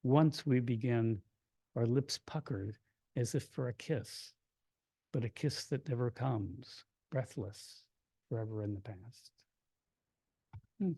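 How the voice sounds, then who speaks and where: A man from Kentucky, a poet, reading his poems aloud in a hushed, measured way, with brighter chatty asides to an audience between them. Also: mid-range voice, breathy edge, no echo. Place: reading event before an audience.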